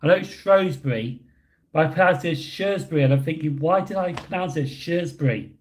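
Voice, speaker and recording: A British man casually chatting with his livestream audience and answering chat questions, rambling with many pauses. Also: on the high side. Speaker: livestream host reading chat. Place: indoors, hotel room.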